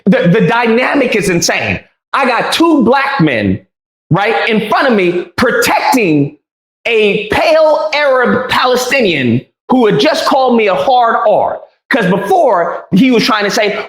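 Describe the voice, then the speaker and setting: A man's voice: high-pitched, big pitch swings, a little slow, a bit bright, roomy sound, rough recording. A man telling the story of a heated confrontation, acting out what each person said and laughing as he goes. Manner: re-enacts exchanges in quoted voices, laughs while telling. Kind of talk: animated storytelling.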